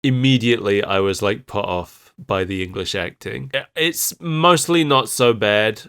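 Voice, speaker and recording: A man's voice: fairly low pitch, normal speed, a bit bright, smooth. A man co-hosting a podcast, casually chatting and often laughing mid-sentence. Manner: giggly, laughs through sentences. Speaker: podcast co-host. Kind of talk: casual chat.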